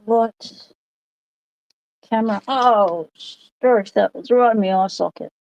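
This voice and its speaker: A woman's voice: medium pitch, slow pace, darkish tone, poor audio. An Australian woman hosting a casual livestream from her home workshop, chatting in a rambling way and greeting viewers by name over a phone microphone. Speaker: livestream host.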